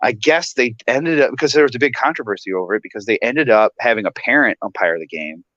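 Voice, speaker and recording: Male guest, animated storyteller; wide-ranging pitch, muffled lo-fi sound. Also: quick pace, no room sound. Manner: animated storyteller, laughs often. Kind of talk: casual chat, storytelling.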